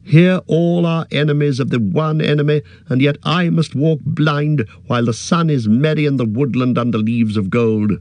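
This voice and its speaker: A man's voice: a little high, normal speed, hardly any pauses, a little mellow, no echo, voice pushed up, close to an everyday voice. Man doing a proud, indignant elf. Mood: lamenting. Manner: lofty, exasperated. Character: proud, indignant young male elf archer.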